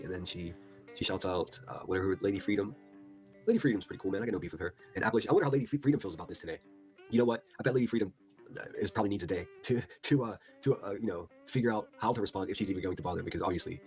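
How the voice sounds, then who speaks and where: Fast-talking profane male streamer. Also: on the low side, a little mellow, soft background music. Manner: profane, incredulous, reads chat posts aloud. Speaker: livestream host. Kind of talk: casual livestream commentary.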